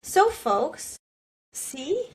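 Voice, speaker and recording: A woman's voice: high voice, sing-song, extremely slow. A woman co-hosting a podcast who speaks in an earnest, impassioned way. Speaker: podcast co-host. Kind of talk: podcast discussion.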